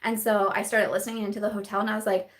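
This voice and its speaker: A woman's voice: mid-range voice, level tone, racing. A young woman hosting a casual live-stream chat, bubbly and giggly, full of fillers and laughter as she reads viewer comments.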